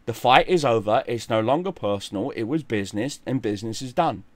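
A man giving mocking, profane commentary on a fight, scornful and animated. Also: medium pitch, fairly quick, no echo. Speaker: gaming and boxing commentator.

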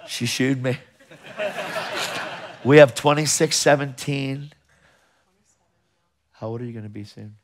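A man's voice: mid-range voice, slow pace, pauses often. A man preaching a passionate sermon to a live congregation, with emphatic, rhetorical questions.

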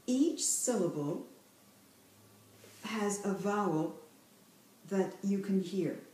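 A woman tutor coaches a reader one-on-one, patient and quick with praise. Her voice is mellow and dark, picked up from some distance away. The room is strongly echoey, with a faint hiss underneath. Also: medium pitch. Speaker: reading tutor.

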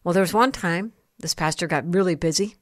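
A middle-aged woman speaks in a low, earnest voice, sharing her testimony like a short sermon. She slows down on the key phrases to let them land. The recording is dry, with no room sound. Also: dry recording. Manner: earnest, storytelling, slows for emphasis. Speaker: host and Christian speaker.

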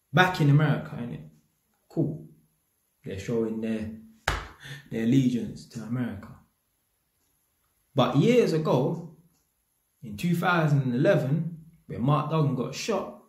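A man's voice: medium pitch, roomy sound. Blunt London man ranting in slang. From England. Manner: blunt, animated, heavy slang and swearing. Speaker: YouTube commentator. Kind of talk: casual opinion rant.

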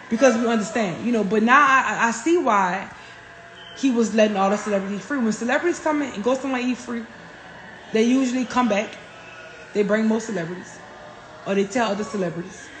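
A woman, telling stories on a phone livestream in a profane, animated way. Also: medium pitch, background noise. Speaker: livestream host. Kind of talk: casual livestream rant. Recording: roomy echo.

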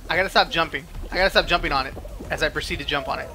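Brief: animated gaming host, high bright voice, soft music underneath. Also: male voice, racing. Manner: animated, yelps and laughs at mishaps. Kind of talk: excited gameplay commentary.

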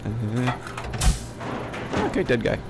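A man's voice: mid-range voice, slow pace, gravelly. A man giving rambling let's play commentary, swearing and breaking into jumpy outbursts, with game music behind him. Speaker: gameplay commentator.

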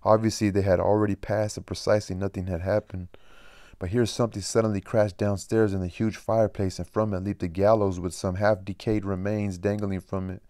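Male reader of a classic novel, steady and even, deep and smooth, recorded dry. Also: a little fast, no echo. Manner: plain steady reading with occasional slips and rereads. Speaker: audiobook reader. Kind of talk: reading a novel aloud.

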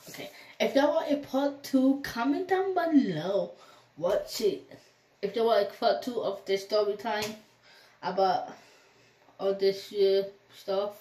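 A woman's voice: mid-range voice, a little mellow, distant mic, slight background noise. A young woman recounts a story for her vlog, her voice rising and falling a lot as she plays out each quoted call. She sits some way from the camera mic, and the room echoes around her. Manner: rambling retelling, acting out quoted phone calls. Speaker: vlogger.

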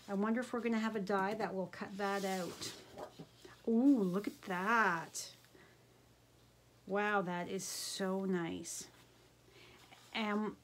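Woman, middle-aged, craft vlogger, chatty, gushing, very slow pace, faint background hiss. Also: mid-range voice. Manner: gushing, chatty, easily delighted. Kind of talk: casual unboxing chat.

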